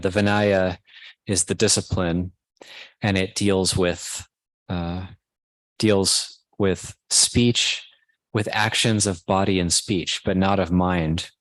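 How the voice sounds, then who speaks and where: A man, a Buddhist monk, giving a Dhamma talk at a meditation retreat, teaching slowly and pausing often. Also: deep voice, fairly bright tone, dry recording. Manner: slow, measured teaching with pauses and restarts.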